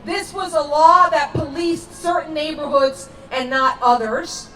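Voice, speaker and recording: A woman's voice: high voice, unhurried, faint music behind. A woman giving an impassioned, emphatic speech at an outdoor rally. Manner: impassioned, emphatic, rising to shouts. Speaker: rally speaker. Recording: distant and echoey outdoors.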